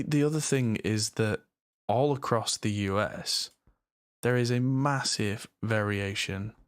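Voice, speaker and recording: On a live stream, a mixing engineer from the north of England chats and rambles casually while he mixes, often poking fun at himself. He has an English accent and a medium-pitched voice, recorded with no room sound.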